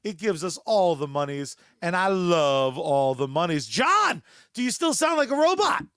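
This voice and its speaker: A man's voice: sits high, sing-song, normal speed, fairly bright tone, no echo, studio quality. A man co-hosting a comic book podcast, joking around in casual chat and rattling off sponsor plugs. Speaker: podcast co-host.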